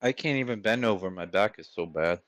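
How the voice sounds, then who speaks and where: A man's voice: lowish voice, animated, brisk, fairly bright tone, dry recording. A man on a group voice call, joking about his bad back and teasing his friend. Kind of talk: casual chat.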